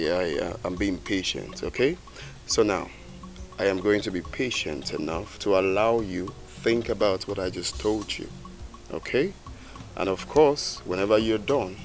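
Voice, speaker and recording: A coaxing prince. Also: male voice, low voice. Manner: persuasive, coaxing. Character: proud young prince pressing a woman.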